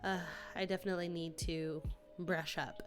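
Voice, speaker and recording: A woman's voice: fairly low pitch, little pitch movement, moderate pace, faint music behind. A young woman streamer chatting casually with her live viewers, rambling and laughing often. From United States.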